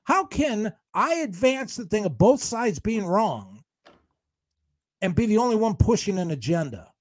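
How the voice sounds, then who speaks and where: Co-host guy on the defensive, swoopy animated voice, dry close mic, ranting back. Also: high voice, no echo. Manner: defensive, combative, fast rants. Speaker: radio show co-host. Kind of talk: heated on-air argument.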